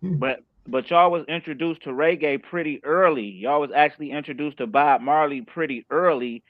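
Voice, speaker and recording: A man's voice: on the high side, normal speed, narrow, tinny audio. A man hosting a casual interview and asking conversational follow-up questions.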